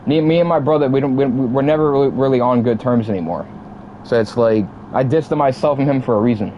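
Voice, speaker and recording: A man's voice: mid-range voice, quick pace, dark tone, highs cut off, a little hiss or hum. A young man in his twenties venting casually to his stream chat, heated and profane, repeating himself as he talks. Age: 20s. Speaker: livestream gamer.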